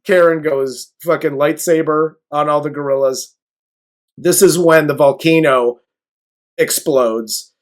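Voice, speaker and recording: A man's voice: on the high side, steady tone, unhurried. Laid-back man recapping a movie plot. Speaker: co-host of a movie review show.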